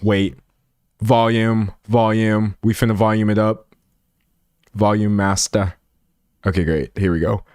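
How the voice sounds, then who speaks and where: A man's voice: on the low side, fairly even intonation, measured pace, pauses often, a little mellow, smooth, dry recording, studio quality. A man hosting a sarcastic reaction commentary, mocking and casual, with slang and stumbling repeats. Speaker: commentary host.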